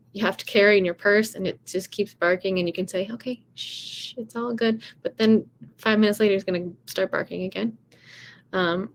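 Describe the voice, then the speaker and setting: Chatty, encouraging woman vocal coach. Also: mid-range voice. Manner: chatty, frequent "you know" and "right". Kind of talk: casual coaching talk.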